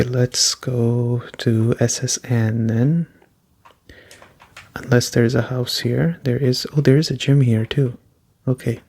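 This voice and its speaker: Medium in pitch, this man's voice is hushed as he offers ASMR-style commentary over gameplay for his let's play. Casual jokes slip in along the way, and he's getting hoarse.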